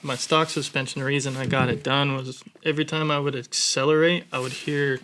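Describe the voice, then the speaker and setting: Soft-spoken man slightly off-mic. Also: mid-range voice, fairly even intonation, brisk. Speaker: podcast guest. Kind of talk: casual podcast chat.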